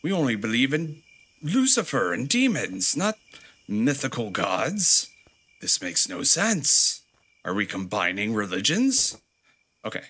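Unhurried, with wildly swooping pitch and a bright, forceful, husky voice, a man plays a horror game while commenting on it. He's joking and sarcastic, reads the in-game notes aloud, and mocks the game playfully with abrupt high squeals.

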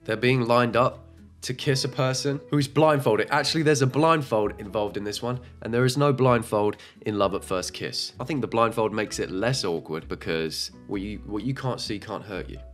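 A man doing comedic reaction commentary, sarcastic and jokey, swinging between loud outbursts and muttered asides. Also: on the low side, normal speed, faint music behind.

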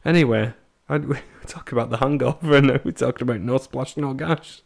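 A man's voice: mid-range voice, a little fast, creaky. Chatty young man. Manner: chatty, laughing storyteller with stammering restarts. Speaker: podcast host. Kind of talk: casual chat.

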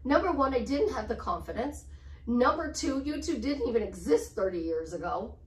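Upbeat high-voiced woman life coach. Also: expressive, moderate pace. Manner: upbeat, repeats affirmations, chatty asides. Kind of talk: casual motivational talk to camera. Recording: roomy sound, distant from the mic.

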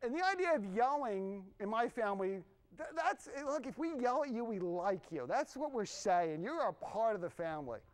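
A middle-aged man preaching a sermon in a conversational, animated way, with asides to the congregation. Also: high-pitched, moderate pace, smooth. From Irish family background. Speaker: pastor.

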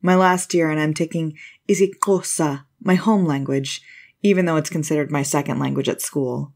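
A woman voicing a friendly, easygoing teenage male surfer in a chatty, relaxed way. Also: low voice, normal speed.

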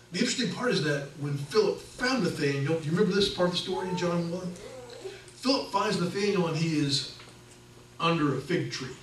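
A middle-aged man preaching a sermon in a relaxed, conversational way, slipping into the voices of the people in his stories. His voice sits a little high for a man. He is picked up from some distance in an echoey church with faint noise in the background. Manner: conversational, animated storytelling with acted quotes. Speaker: pastor. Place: church sanctuary.

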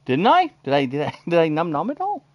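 A man giving live commentary while he plays a game, excitable, talking to himself and laughing often. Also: on the high side, a little fast, dry recording. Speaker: gaming streamer.

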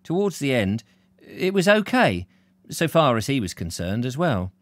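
A man's voice: mid-range voice, very animated, moderate pace, dry recording, clean studio sound. A British man giving a live reading of a novel, then chatting with viewers and reading out their comments. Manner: storyteller, reads out viewer comments warmly. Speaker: reader and live-stream host.

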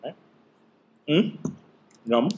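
A man talks casually as the host of a family taste-test vlog. He is chatty, walks through what he tastes in plain terms, and gently teases along the way. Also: very slow, a little hiss or hum. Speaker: host and dad.

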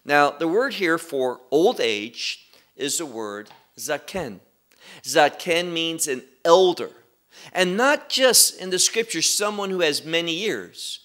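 A man teaching a Bible study, explaining verses deliberately and with emphasis, and asking his listeners questions. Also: fairly high pitch, pushed and bright.

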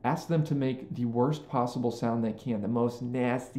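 Male music teacher, earnest, mellow tone, echoey room. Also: medium pitch, fairly even intonation, normal speed, few pauses. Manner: earnest, frequent "okay?" and "right?" check-ins. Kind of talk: instructional talk to band directors. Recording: roomy echo.

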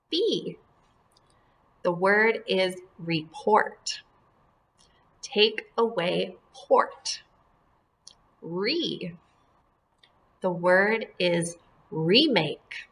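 A woman teaching a second-grade class, drilling words and syllables slowly and clearly and encouraging the children. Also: mid-range voice, a bit bright. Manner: slow, deliberate word drills with clear enunciation. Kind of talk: phonemic awareness lesson for young children.

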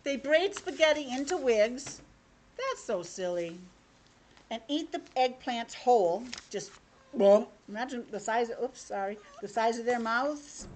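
A woman's voice: on the high side, measured pace, slight background noise. A young woman teacher reading a picture book aloud to children over a video call, with chatty asides. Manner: animated, chatty asides to kids.

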